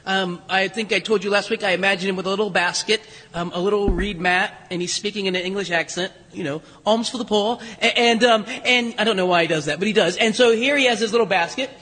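A high, bright-toned man preaching a sermon, his voice slightly husky. He tells the story in a loose, conversational way with humor and frequent restarts. The sound rings with the long reverb of a church. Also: fast. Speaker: pastor. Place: church sanctuary.

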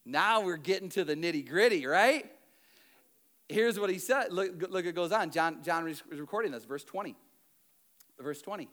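A man preaching a sermon in a conversational, animated storytelling way with casual asides. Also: high-pitched, normal speed.

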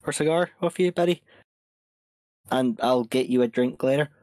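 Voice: medium pitch, moderate pace, a little mellow, no room sound. A player in an online tabletop game, talking hesitantly and stammering in character. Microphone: voice chat microphone.

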